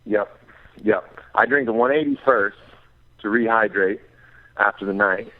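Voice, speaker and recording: A man's voice: fairly low pitch, a little slow. A man calling into a podcast, chatting casually and upbeat. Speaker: caller. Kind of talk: casual phone chat. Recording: tinny phone line.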